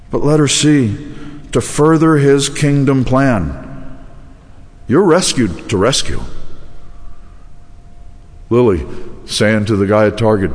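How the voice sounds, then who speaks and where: A man's voice: mid-range voice, slow pace, long pauses, big-room sound. A man preaching a sermon as pastor, telling stories with self-deprecating humor and acting out quotes. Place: church sanctuary.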